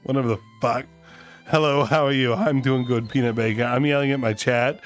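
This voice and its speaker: A man streams casually, joking with his chat, teasing it and going on rants. His mid-range voice is fairly even in intonation and fairly quick, with soft music playing in the background.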